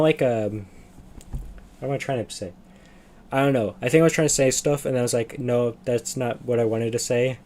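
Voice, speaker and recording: A man's voice: medium pitch, warm tone, slight background noise. A young man chatting on a livestream, rambling and losing his train of thought. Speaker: streamer. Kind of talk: casual livestream chat.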